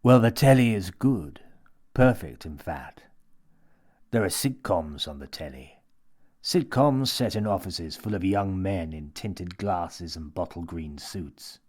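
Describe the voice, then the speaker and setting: A man voicing a menacing, theatrical mad old man who talks in a smooth, coaxing, lecturing way. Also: low-pitched, lively intonation, slow, darkish tone, full character voice.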